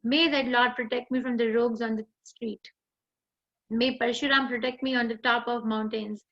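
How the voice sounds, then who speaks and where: A woman with an Indian English accent reads devotional scripture slowly and deliberately, chanting the mantras as she goes. Her voice sits a little high and sounds bright and sharp. It comes through as muffled, lo-fi audio from an online video call. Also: fairly even intonation. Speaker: teacher reading scripture aloud. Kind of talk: slow devotional scripture reading in an online class.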